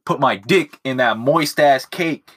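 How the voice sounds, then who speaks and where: Recorded on a phone in his room at home, a young man hosts a casual solo podcast monologue. His medium-pitched voice is measured, a bit bright, and slightly rough as he rambles crudely, swearing a lot and making self-mocking jokes.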